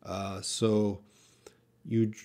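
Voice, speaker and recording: A man's voice: on the low side, level tone, drawn-out words, mellow. A man teaching English in a live question-and-answer stream, reading out viewer questions and explaining with patient restarts and fillers. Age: young adult.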